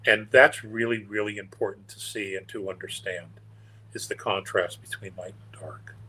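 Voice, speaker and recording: A man's voice: on the low side, steady tone, moderate pace, pushed and bright, husky, poor audio. An older man, a guest on an interview show, telling stories in a meandering, earnest and wry way. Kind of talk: casual storytelling interview.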